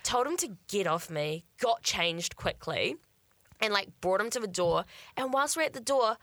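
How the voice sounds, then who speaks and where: A woman's voice: mid-range voice, animated, normal speed, fairly bright tone, no room sound. A young woman, telling a candid story in casual chat, swearing and acting out quotes. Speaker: guest storyteller.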